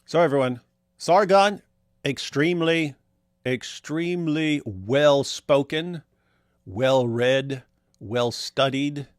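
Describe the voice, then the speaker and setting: An American man hosting a show, giving excitable, joking reaction commentary with emphatic asides. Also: medium pitch, no room sound, studio quality. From United States. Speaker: show host.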